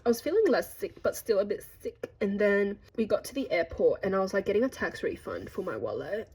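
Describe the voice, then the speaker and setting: A woman's voice: mid-range voice, husky, rough recording. A young woman from Australia narrating a casual travel vlog, chatty and jokey, talking straight to her viewers. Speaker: vlogger.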